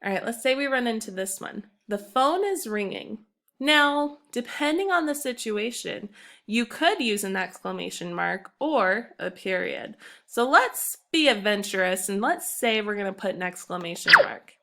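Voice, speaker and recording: A woman's voice: medium pitch, animated, normal speed, vocal fry, a bit bright. A young woman teacher giving an upbeat, emphatic recorded grammar lesson to her class. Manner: upbeat, emphatic classroom delivery, reads examples aloud.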